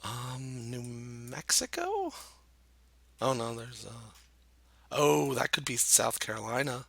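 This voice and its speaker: A man casually commenting while playing a geography guessing game, thinking out loud with many hesitations and self-deprecating remarks. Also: mid-range voice, sing-song, slow, vocal fry, dry recording. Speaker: gameplay commentator. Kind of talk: casual let's-play commentary.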